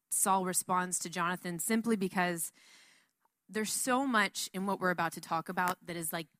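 A woman giving a casual Bible teaching in a chatty, animated way, full of asides. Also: mid-range voice, no echo, studio quality.

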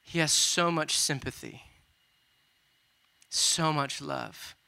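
A man preaching a sermon with a very bright, crisp voice, pitched a little above most men. He retells scripture in a loose, conversational way, dropping in casual asides. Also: steady tone, slow.

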